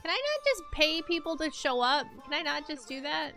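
A young woman with a high, animated voice talks her way through a game for her stream, joking at her own expense and looping words over and over. Her tone is bright and sharp, with faint music running underneath. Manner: chatty, self-mocking, repeats words in rapid loops. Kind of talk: casual gameplay commentary.

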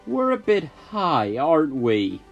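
A narrator voicing a nervous, jumpy young man in an audiobook, pitched up and cracking into high yells when scared, with a faint music bed behind. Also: wildly swooping pitch, slow, creaky, dull audio, exaggerated voice. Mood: uneasy. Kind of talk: audiobook character voice.

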